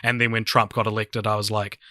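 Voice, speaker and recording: Young man, very bright jokey podcast voice. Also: lowish voice, level tone, brisk, no echo, clean studio sound. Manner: loose, joking, filler-heavy. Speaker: podcast co-host. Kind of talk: casual chat.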